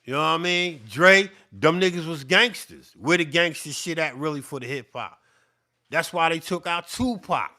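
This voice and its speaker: Middle-aged guy going off on a profane heated rant, high bright voice, all fired up and sweaty. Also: normal speed. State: sweating, worked up. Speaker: beatmaker. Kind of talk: heated off-the-cuff rant to camera.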